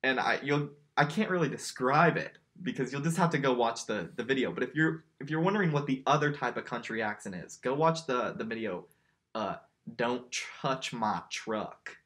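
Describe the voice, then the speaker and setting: A man's voice: medium pitch, animated, brisk, few pauses, fairly bright tone. Man, podcast co-host, casual jokey chat, laughs often, repeats words as he stumbles.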